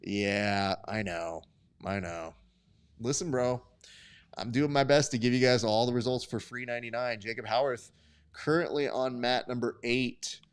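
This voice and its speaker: A man's voice: mid-range voice, clean tone. A man hosting a live stream, calling grappling results and reading chat in a casual, profane, bantering way.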